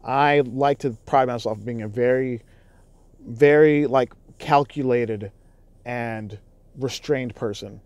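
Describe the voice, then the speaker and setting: Loud, cursing man ranting in a vlog. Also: mid-range voice, takes it slowly, clear, resonant tone, no echo. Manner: loud, profane, heated storytelling. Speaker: YouTuber. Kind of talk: casual vlog recounting.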